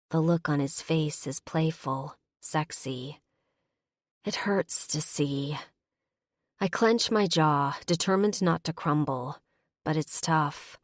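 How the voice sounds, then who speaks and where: A woman narrating a first-person romance audiobook in a measured, intimate way. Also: deep voice, dry recording, clean studio sound.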